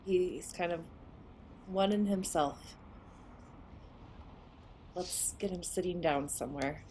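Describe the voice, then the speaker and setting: A woman's voice: lowish voice, slow pace, darkish tone, slight background noise. A woman playing a character in a tabletop game, easygoing and a little hesitant.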